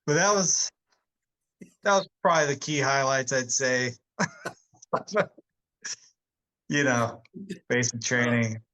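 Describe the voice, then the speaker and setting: A man's voice: mid-range voice, slow, pauses often, pushed and bright, poor audio. A man in his forties, an army veteran telling rambling stories in a casual interview, laughing often between many fillers. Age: 40s.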